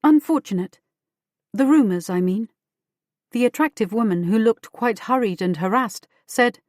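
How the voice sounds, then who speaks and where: A woman giving a measured first-person audiobook narration. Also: on the high side, darkish tone, dry recording, clean studio sound. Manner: measured, storytelling.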